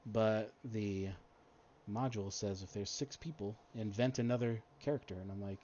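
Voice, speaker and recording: A man's voice: lowish voice, moderate pace, dark tone, lo-fi sound, a little hiss or hum. Easygoing man running a tabletop game. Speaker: game master.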